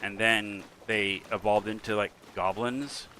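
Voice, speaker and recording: Give me a joking middle-aged man streaming, with a low, bright voice. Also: fairly even intonation, unhurried, slight background noise. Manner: joking, teasing. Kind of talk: casual chat while playing.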